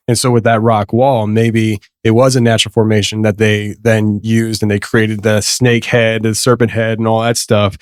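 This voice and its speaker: A man's voice: lowish voice, flat delivery, moderate pace, few pauses, smooth, dry recording, clean studio sound. A man hosting a podcast, telling a story in a loose, rambling way with many restarts and frequent laughs. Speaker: podcast host. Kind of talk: casual conversation.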